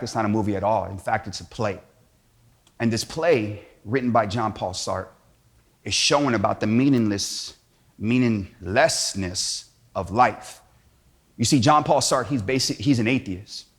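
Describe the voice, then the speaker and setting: A man's voice: lowish voice, moderate pace. A man giving an inspirational talk in a casual, slangy storytelling way. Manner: slangy, storytelling, acts out quotes. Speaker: Catholic speaker.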